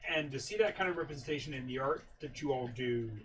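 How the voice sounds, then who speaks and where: A mid-pitched man hosts a podcast in a relaxed, conversational way, speaking appreciatively of his guests. He sits back from the mic, and a faint noise hums underneath. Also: quick pace, recorded from a distance, poor audio. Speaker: podcast host. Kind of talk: casual podcast chat.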